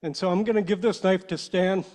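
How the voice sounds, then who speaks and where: A man addressing a public meeting as a panel member, earnest and a little halting, emotional as he speaks. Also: high voice, fairly even intonation, darkish tone. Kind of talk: heartfelt speech at a meeting. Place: meeting room.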